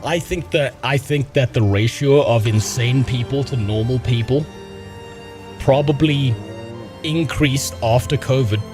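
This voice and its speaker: A man's voice: medium pitch, measured pace, darkish tone. A young man streaming a video game, chatting casually in a blunt, profane and rambling way while reading chat. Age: young adult. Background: game music.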